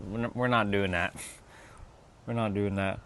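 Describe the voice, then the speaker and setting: A man's voice: lowish voice, steady tone, moderate pace, fairly bright tone, a little hiss or hum. A man hosting a casual livestream, chatting loosely with viewers, joking and swearing as he reads the chat aloud. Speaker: livestream host.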